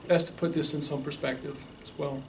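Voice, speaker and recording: A man speaking at a public debate, laying out figures in a measured way with frequent restarts. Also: fairly high pitch, little pitch movement. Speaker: debate panelist. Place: realty office meeting room. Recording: distant mic with faint noise.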